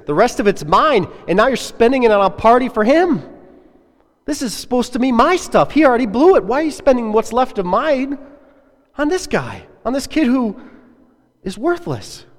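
A man's voice: high voice, huge pitch swings, takes it slowly, pauses often, darkish tone, voice pushed up, full character voice. A man voicing a resentful, jealous young older brother who complains indignantly. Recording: echoey hall with long reverb.

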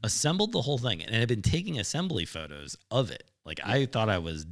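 A man's voice: mid-range voice, sing-song, fast talker. A man co-hosting a casual talk show, telling a rambling workshop story with lots of fillers and frequent laughs. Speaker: podcast co-host.

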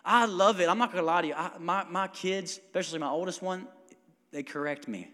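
A man preaches a sermon in a church hall whose reverb trails after every phrase. His voice is somewhat high for a man. He shifts between soft, almost whispered stretches and forceful bursts, often prompting the congregation to answer him. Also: fairly quick. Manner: swings between quiet intimate passages and loud emphatic preaching; calls for congregation responses. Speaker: pastor. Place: church sanctuary.

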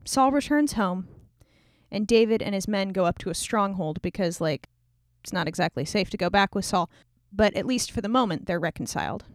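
A woman's voice: medium pitch, lively intonation, normal speed, dry recording, studio quality. A woman retelling a scripture story in a casual, irreverent, slangy way.

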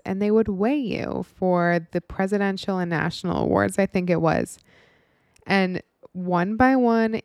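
A woman's voice: mid-range voice, darkish tone, no room sound, clean studio sound. A woman in her twenties telling a personal story in a candid, frank, casual way, with some swearing and many "like" fillers.

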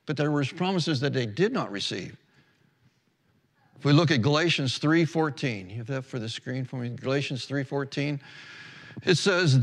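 A man's voice: a little high, in a large hall. A man pastor preaching a sermon in an earnest, unpolished way, reading verses aloud and correcting himself as he goes. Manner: earnest, restarts and self-corrections, reads scripture aloud.

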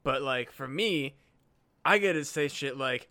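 A man's voice: mid-range voice, unhurried, vocal fry, sharp tone. A man co-hosting a casual comedy podcast, swearing and rambling with many restarts. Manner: profane, rambling, restarts a lot. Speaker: podcast co-host.

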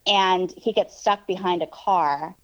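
A woman telling a story in casual chat, animated and full of fillers, swearing freely. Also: fairly low pitch, measured pace, dry recording, muffled recording. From New York. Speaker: guest storyteller.

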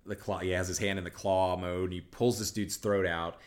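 Low-voiced man rambling about a movie. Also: flat delivery, a little fast. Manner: rambling, restarts sentences, acts out movie lines. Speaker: podcast co-host. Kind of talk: casual chat.

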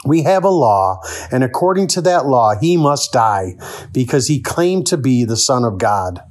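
A man's voice: mid-range voice, very animated, unhurried, a little mellow. A man voicing a group of angry religious leaders, insistent and raised.

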